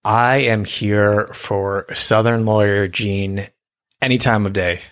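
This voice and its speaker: A man co-hosting a podcast in relaxed, casual chat, thoughtful and amused. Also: fairly low pitch, slow pace. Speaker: podcast co-host.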